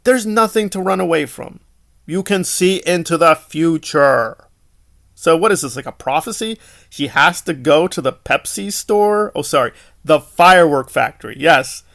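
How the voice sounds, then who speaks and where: A man's voice: a little high, lively intonation, unhurried, gravelly, a bit bright. A man giving a casual, opinionated film review, exasperated and sarcastic, full of rhetorical questions.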